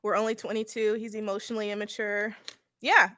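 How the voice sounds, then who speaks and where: Young woman, tarot reader, casual and blunt, laughs a lot, bright tense tone. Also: medium pitch, flat delivery, fairly quick, no echo. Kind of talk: live-stream card reading.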